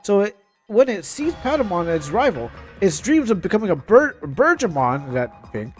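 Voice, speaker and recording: Young male streamer, animated pitch, trips over words reading aloud, soft music behind. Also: moderate pace, slightly rough. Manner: stumbling, restarting words while reading aloud. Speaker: game streamer. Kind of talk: casual gameplay commentary, reading game text aloud.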